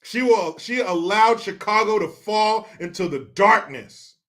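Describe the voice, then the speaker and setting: A man's voice: sits high, animated, unhurried, a bit bright. A man hosting his own show, ranting through sarcastic, profane political commentary full of mockery. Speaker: show host.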